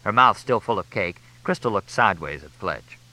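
A man reading a comic mystery novel aloud in a crisp, expressive way. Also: lowish voice, normal speed, dry recording, rough recording. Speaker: audiobook narrator. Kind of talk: audiobook narration of a comic mystery.

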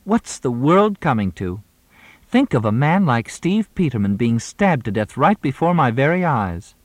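A man voicing a sharp-tongued young woman who is an actress, wry and teasing. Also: medium pitch, big pitch swings, no echo, voice pushed up. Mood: dramatic. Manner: mocking, theatrical, quick-witted.

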